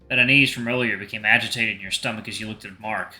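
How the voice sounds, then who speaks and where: A man's voice: fairly low pitch, fairly even intonation, fast, hardly any pauses, sharp tone, faint music behind. A young man reading a visual novel aloud, narrating in the second person.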